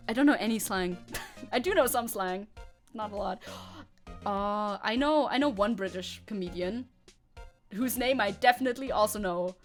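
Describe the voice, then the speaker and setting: A woman's voice: on the high side, lively intonation, faint music behind. A young woman streaming a game, chatting casually with her chat and laughing often. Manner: giggly, chatty, quick to laugh. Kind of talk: casual gameplay commentary.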